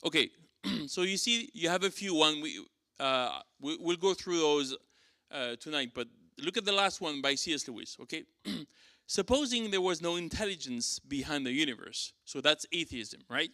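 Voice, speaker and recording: French-accented man, church apologetics teacher, bright and forceful, dry close sound, lots of restarts. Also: on the high side, lively intonation, moderate pace, no room sound. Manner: conversational teaching with fillers and restarts. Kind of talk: apologetics class lecture. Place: church classroom.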